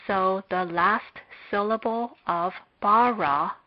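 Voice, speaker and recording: Female lecturer, extremely slow and measured, dull lo-fi sound, mid-pitched voice. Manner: measured, deliberate delivery with long pauses. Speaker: Hebrew lecturer. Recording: dull lo-fi recording.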